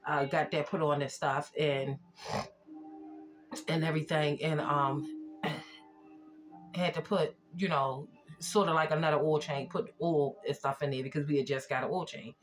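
A woman's voice: sits low, fairly even intonation, unhurried, long pauses, faint music behind. A woman vlogger chatting casually through a storytime, rambling and repeating herself as she retells conversations.

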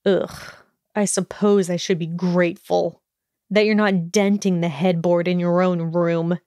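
A woman voicing a sullen, sharp-tongued young wizard, scornful and biting in an audiobook reading. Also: mid-range voice, steady tone, unhurried, clear, resonant tone, no echo, studio quality, lightly acted. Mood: spiteful.

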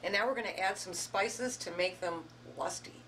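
A woman hosting a cooking show, narrating a spoof romance and explaining a recipe with a deadpan, tongue-in-cheek manner. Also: medium pitch, moderate pace, very noisy. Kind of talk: mock-dramatic romance narration and cooking demonstration. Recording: distant mic with music behind.

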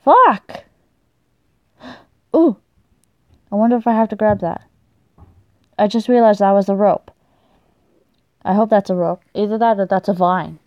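A young woman commentating on her game play, excitable and swearing a lot, shrieking when startled. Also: mid-range voice, normal speed, long pauses, no room sound, highs cut off. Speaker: gaming YouTuber.

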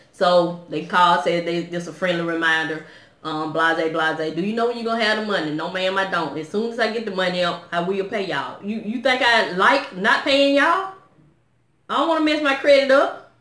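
A woman with a lowish, slightly bright voice vlogs a blunt, exasperated rant straight to camera, firing questions at her viewers. The room she records in is echoey.

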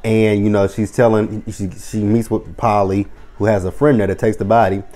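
In his thirties, this TV episode reviewer casually recaps an episode with a lowish, flat voice and a dark tone at a moderate pace. He swears freely and acts out the characters' lines.

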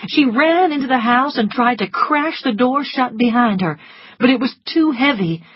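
A woman calmly narrating an audiobook in a measured storytelling manner. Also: high-pitched, breathy edge, dry recording. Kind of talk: scripted narration. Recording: dry, slightly muffled studio audio.

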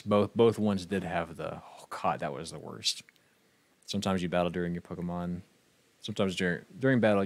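A man giving casual, profane and excitable commentary while streaming a video game, often restarting his sentences. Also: low voice, no room sound. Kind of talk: casual let's-play commentary.

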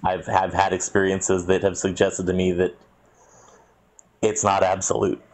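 A man's voice: sits low, flat delivery, measured pace, a little mellow, poor audio. A man hosting a casual podcast debate, skeptical and argumentative. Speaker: podcast host.

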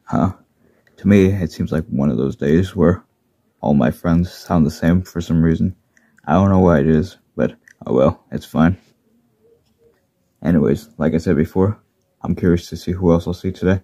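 A man voicing a gentle, earnest little blue miniature engine who talks softly about his troubles. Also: sits low, normal speed, long pauses, no room sound, clean studio sound. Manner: soft-spoken, troubled, earnest. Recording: dull lo-fi recording.

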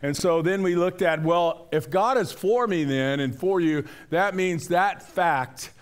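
A man's voice: high-pitched, a little slow, clear, resonant tone. An older man, a pastor, preaching a sermon in a conversational, storytelling way with frequent restarts. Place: church sanctuary.

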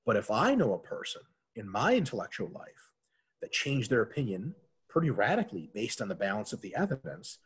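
Husky, animated man swearing freely. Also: lowish voice, brisk. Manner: animated, profane, jokey. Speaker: podcast guest, doctor. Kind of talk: casual podcast chat.

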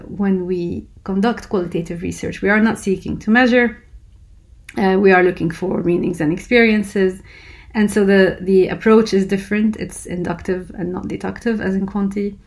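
In this recorded lecture, a woman with a medium-pitched, darkish voice walks through a research method. Her delivery is halting, peppered with fillers and false starts.

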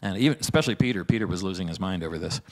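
A man preaching a sermon in a church, with a fairly low voice. He talks in a loose, conversational way, often checking in with "right?" and breaking into laughs. His delivery feels like easy chat with the congregation rather than a formal address. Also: racing, a little mellow. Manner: casual and chatty, often asks "right?" and laughs. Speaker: pastor.

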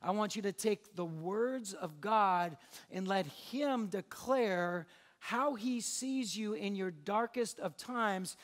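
High-voiced young pastor, joking and conversational. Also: male voice, slow pace. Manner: conversational, joking, acts out little dialogues. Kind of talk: sermon.

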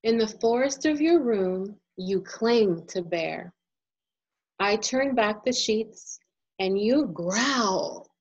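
A woman illustrator reading a children's picture book aloud, as a gentle and expressive storyteller. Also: mid-range voice, takes it slowly, breathy edge, muffled recording.

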